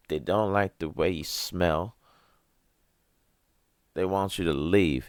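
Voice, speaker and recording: A young man hosting a podcast, with a very deep voice, ranting casually and profanely, rambling and laughing at his own jokes. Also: takes it slowly, long pauses, clean tone, dry recording, clean studio sound. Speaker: podcast host.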